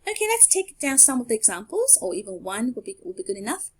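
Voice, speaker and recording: Lively patient woman language teacher. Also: high voice. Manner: clear, patient, pauses for learners to repeat. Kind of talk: recorded online lesson over slides.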